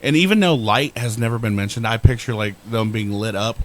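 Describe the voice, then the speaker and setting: A man co-hosting a podcast, joking and chiming in with quick reactions. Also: on the low side, lively intonation, a little hiss or hum. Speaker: podcast co-host. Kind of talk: casual chat.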